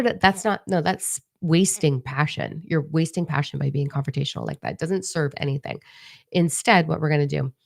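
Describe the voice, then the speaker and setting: A woman with a deep voice and a gravelly edge hosts a relaxed spiritual energy forecast. She speaks to her viewers frankly and encouragingly, and swears freely as she coaches them. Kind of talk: casual spiritual forecast, reading viewer comments.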